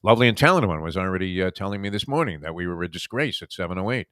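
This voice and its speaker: A deep-voiced Brooklyn, New York man hosts a casual sports radio chat, racing through long, rambling, reminiscing stories with lively intonation. His tone is fairly bright, and the studio-quality recording has no room sound.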